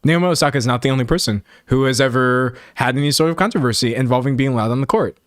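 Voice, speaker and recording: A young man in casual reaction commentary, talking in quick emphatic bursts as he reacts to clips. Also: mid-range voice, dry recording, clean studio sound. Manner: animated, talks fast in bursts, emphatic.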